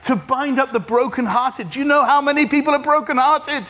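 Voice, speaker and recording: Animated high-voiced male preacher. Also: a little fast. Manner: animated preaching with humor and audience call-and-response. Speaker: pastor. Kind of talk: sermon. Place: church service.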